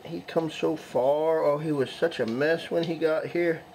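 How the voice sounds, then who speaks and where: A man's voice: fairly high pitch, fairly even intonation, measured pace, darkish tone, slight background noise. A middle-aged man in a casual morning vlog at home, speaking affectionately to his rescue dogs in baby-talk. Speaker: dog rescue operator.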